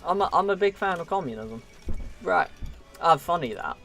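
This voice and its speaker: A man's voice: fairly high pitch, animated, moderate pace, gravelly, pauses often, bright, forceful tone, soft background music. A man giving casual, chatty commentary while live streaming a strategy game, laughing often and talking to his viewers.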